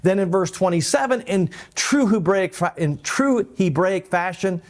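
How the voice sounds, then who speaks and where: Higher-voiced pastor teaching scripture. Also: male voice, a little slow. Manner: explanatory, animated, with asides. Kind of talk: Bible teaching talk. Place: church.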